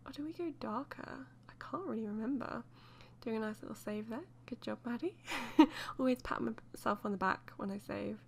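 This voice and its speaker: A woman's voice: on the high side, normal speed, gravelly, a little hiss or hum. A woman chatting loosely as she voices over a game build, rambling with many fillers and light laughs. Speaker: let's play host.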